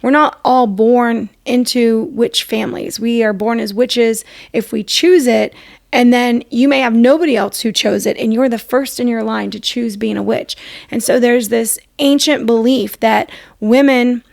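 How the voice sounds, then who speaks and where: A woman's voice: on the high side, fairly even intonation, measured pace, creaky, darkish tone, no echo, studio quality. A woman co-hosting a podcast in casual chat, blunt and emphatic, swearing freely. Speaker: podcast co-host.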